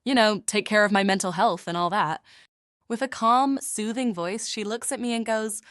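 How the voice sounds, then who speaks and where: A woman's voice: mid-range voice, moderate pace, fairly bright tone, dry recording, studio quality. A woman telling short scripted jokes in a chatty, playful storytelling manner. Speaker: joke teller. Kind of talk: scripted joke narration.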